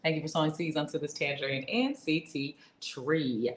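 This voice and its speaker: A woman with a low voice co-hosts a relaxed live-streamed talk show. She chats along and reads viewer comments aloud. Her voice carries the echo of the room. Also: normal speed. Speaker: podcast co-host. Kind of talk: casual live-stream chat. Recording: echoey room.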